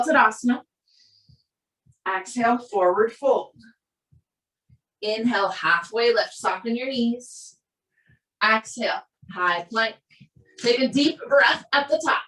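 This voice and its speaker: In a spacious, echoing room, a yoga instructor with a Minnesota accent guides her class with calm, steady cues timed to the breath. Her slightly high voice is picked up from some distance away from the mic.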